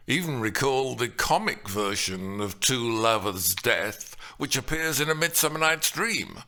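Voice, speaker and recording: A man giving a scripted literary analysis in a measured way, now and then acting out quoted lines with a raised voice. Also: medium pitch, expressive, pushed and bright.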